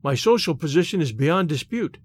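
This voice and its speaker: A man's voice: a little high, animated, fairly quick, husky, no echo, clean studio sound. A man reading aloud, voicing an earnest young male suitor who pleads tenderly.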